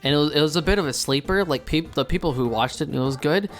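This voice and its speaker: A young man hosting a casual anime review chat, excitable and slangy, swearing freely. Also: fairly high pitch, fast. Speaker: host. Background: faint game music.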